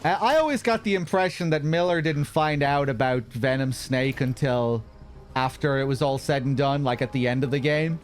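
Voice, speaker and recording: A man's voice: mid-range voice, moderate pace. A man gives casual live commentary while streaming a game, chatting and correcting himself as he explains the story.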